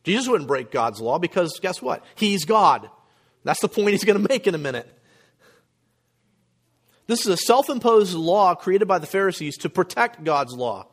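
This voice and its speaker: A male pastor preaching a sermon, emphatic, with rhetorical questions and frequent throat clearing. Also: high voice, sing-song, normal speed.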